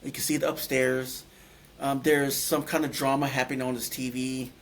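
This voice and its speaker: Man telling his story in halting phrases. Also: mid-range voice, little pitch movement. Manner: halting, searching for words. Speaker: guest recounting a near-death experience. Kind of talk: personal storytelling.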